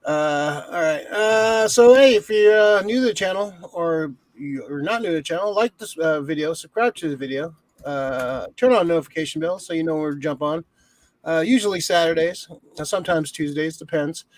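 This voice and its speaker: A man's voice: on the high side, normal speed, no echo. A man hosting a podcast in a casual, rambling way, full of fillers and easy swearing. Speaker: podcast host. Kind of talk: casual chat.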